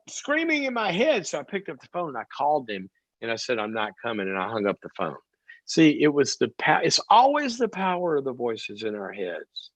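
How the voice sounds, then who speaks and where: Animated middle-aged man, advice show host. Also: fairly high pitch, husky, no echo. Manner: animated storytelling, acts out quoted voices. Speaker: talk show host and psychologist. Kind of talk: call-in advice show talk. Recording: dull dry close mic.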